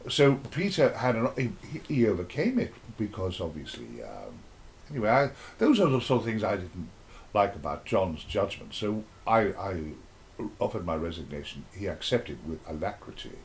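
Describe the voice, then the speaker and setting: A man's voice: lowish voice, wildly swooping pitch, moderate pace, slight background noise. An older man being interviewed, telling rambling, playful stories with sudden dramatic outbursts. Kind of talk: casual interview chat.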